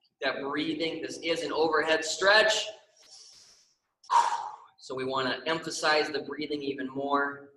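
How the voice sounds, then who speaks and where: A man's voice: medium pitch, fairly even intonation, unhurried, long pauses, bright, forceful tone, echoey room, distant mic, a little hiss or hum, low-quality recording. A young man leading a stretching class, upbeat and encouraging, often checking in with the class. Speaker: exercise class instructor.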